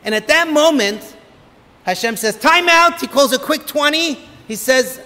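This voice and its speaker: A man, a rabbi, giving an inspirational holiday talk full of lively, humorous stories. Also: extremely high pitch, normal speed. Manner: animated, humorous storyteller. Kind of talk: motivational holiday talk with storytelling. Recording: long reverb of a hall.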